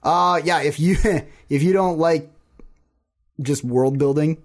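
A man co-hosting a podcast in casual chat, relaxed and laughing often. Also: fairly high pitch, slow pace. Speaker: podcast co-host.

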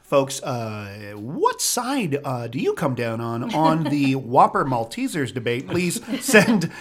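A male podcast co-host chatting casually, his pitch rising and falling a lot as he jokes. He makes self-mocking asides and talks over his co-hosts easily. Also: wildly swooping pitch, slow pace. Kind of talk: casual chat.

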